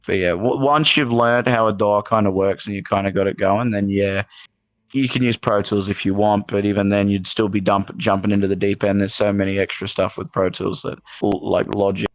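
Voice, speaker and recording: A man's voice: on the low side, dry recording. An Australian man telling stories as a podcast guest in a casual, rambling way, full of fillers and restarts. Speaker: guest musician. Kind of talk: casual podcast interview storytelling.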